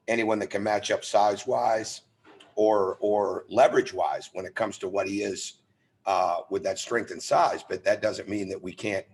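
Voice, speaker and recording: A middle-aged man, a head coach, answering press questions on a video call in an earnest, emphatic way, restarting phrases as he goes. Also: sits low. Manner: earnest, emphatic, repeats words when restarting.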